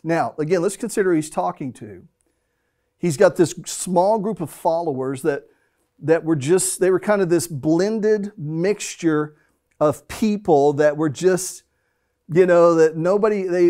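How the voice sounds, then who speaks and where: A man's voice: fairly high pitch, mellow. A middle-aged man preaching a sermon as pastor, telling a family story and acting out its scenes.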